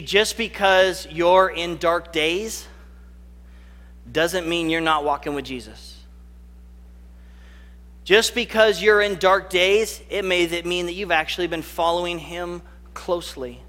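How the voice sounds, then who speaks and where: A male pastor delivers an earnest sermon in a high, bright, forceful voice, slowing right down and dragging out the key lines he wants to land. A long reverb makes his voice ring out as if in a large hall.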